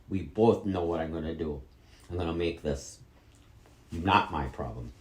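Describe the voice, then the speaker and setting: A man's voice: sits low, a little mellow. A middle-aged man from Wisconsin angrily interrogating his mother, repeating questions and swearing heavily. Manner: angry, repetitive interrogating, heavy swearing. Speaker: vlogger confronting his mother. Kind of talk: heated family argument. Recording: echoey room.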